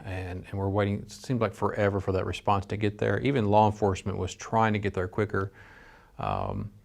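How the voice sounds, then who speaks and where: A man's voice: fairly low pitch, expressive, fairly quick, gravelly, darkish tone. A middle-aged man giving a training lecture as a dispatch instructor, earnest and conversational with frequent restarts. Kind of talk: training lecture with personal story.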